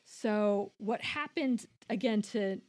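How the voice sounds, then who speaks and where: A woman's voice: mid-range voice, takes it slowly, a little mellow. Chatty woman explaining at length. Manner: explains at length, with many restarts and quoted voices. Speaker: podcast co-host. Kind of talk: casual explanatory chat.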